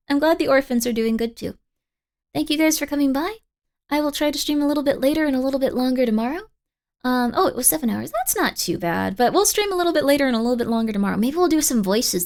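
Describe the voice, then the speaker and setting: A woman's voice: high voice, expressive, fast, creaky, a little mellow. A woman streamer chatting casually at the end of a live stream, sleepy and tired, rambling and repeating herself with slightly slurred words.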